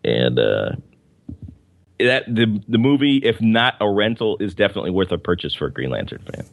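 A man's voice: lowish voice, sing-song, moderate pace, vocal fry, no room sound. A man co-hosting a podcast in casual chat, rambling with fillers and restarts as he reviews comics and films. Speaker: podcast co-host.

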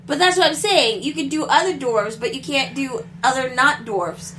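A woman with a high voice makes skeptical, teasing remarks in casual chat. She sounds off mic, with faint noise behind her. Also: moderate pace, sharp tone.

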